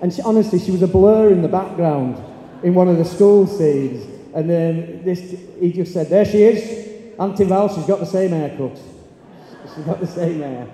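Animated male teacher in a hall. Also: sits high, normal speed. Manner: animated, acts out pupils' voices. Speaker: teacher giving a talk. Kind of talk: storytelling speech on stage. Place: large hall or stage. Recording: echoey hall, long reverb.

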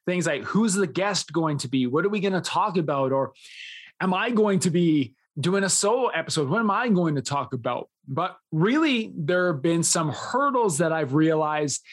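A man's voice: on the high side, expressive, moderate pace. A man in his thirties hosting a solo podcast, talking in an earnest, enthusiastic way, often smiling as he speaks. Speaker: podcast host.

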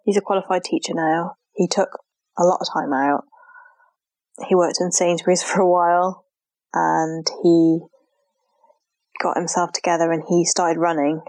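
A young woman speaks earnestly in an interview, her voice sitting a little low for a woman. The sound is dry and close, with no room echo. Her tone is heartfelt and unguarded, with "like" scattered through her sentences. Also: little pitch movement, normal speed, pauses often, darkish tone. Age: young adult. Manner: earnest and heartfelt, with frequent "like" fillers. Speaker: interviewee, mother sharing her story. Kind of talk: emotional personal account.

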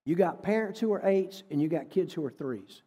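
A man's voice: fairly high pitch, animated, brisk, warm tone, breathy edge. A man preaching as a guest speaker, folksy and emphatic, repeating key phrases. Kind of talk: sermon. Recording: reverberant hall.

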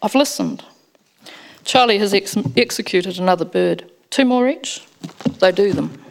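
A woman narrating a first-person story as an audiobook, in an expressive storytelling manner. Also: mid-range voice, normal speed, creaky, slight background noise.

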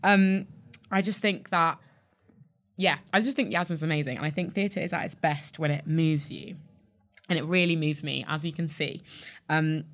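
A woman's voice: sits low, steady tone, moderate pace. A woman hosting a podcast interview, effusive and openly emotional. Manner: effusive and warm-hearted, emotional. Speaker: podcast host.

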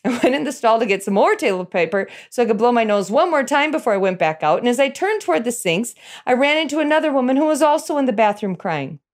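A middle-aged woman telling a personal story in an animated way, chuckling as she goes. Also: on the high side, fast talker.

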